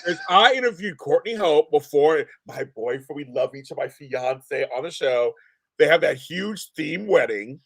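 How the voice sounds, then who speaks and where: A man who works as an interviewer, talking in casual chat in a gushing, animated and profane way. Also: on the high side, normal speed, husky, dry recording.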